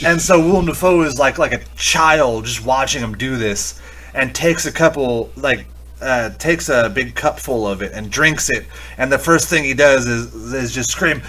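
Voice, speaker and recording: A man's voice: medium pitch, a little slow, fairly bright tone. A man co-hosting a podcast, chatting casually and profanely about a horror movie and laughing as he retells scenes. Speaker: podcast co-host.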